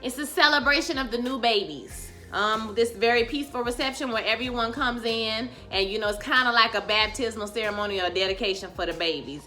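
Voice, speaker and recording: A woman recapping a TV episode in slangy casual chat, calling her viewers y'all and loudly acting out the characters' lines. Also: on the high side, fairly quick, few pauses, soft background music. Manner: animated, acts out characters' lines with loud outbursts. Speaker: TV recap vlogger.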